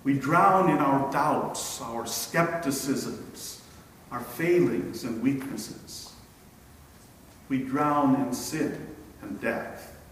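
Slow-preaching man in an echoey hall. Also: medium pitch, fairly bright tone, slight background noise. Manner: slow, emphatic preaching with dramatic pauses. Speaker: pastor. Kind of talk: sermon. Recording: echoey church hall from far off.

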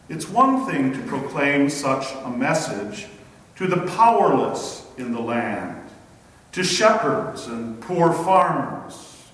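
A man preaching a sermon in a church, with a solemn, deliberate delivery. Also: on the high side, animated, fairly bright tone. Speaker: pastor. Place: church sanctuary. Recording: echoey hall, distant mic.

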